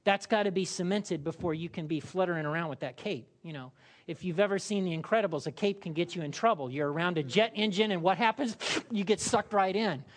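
A man's voice: sits high, fairly quick. A male pastor preaching in a conversational, humorous way, often checking in with the congregation. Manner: conversational and humorous, with frequent "all right?" check-ins. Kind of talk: sermon.

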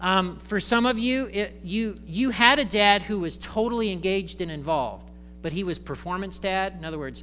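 High, bright-voiced man preaching. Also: normal speed, soft background music. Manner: conversational, animated, acts out quoted voices. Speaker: pastor. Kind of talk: sermon. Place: church.

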